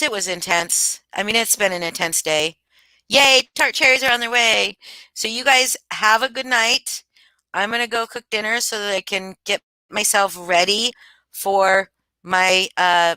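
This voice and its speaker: A woman's voice: lowish voice, bright, forceful tone, clear, resonant tone, no room sound, poor audio. A middle-aged woman from the United States hosting a casual livestream, chatting loosely and answering her chat with many restarts. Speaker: livestream host.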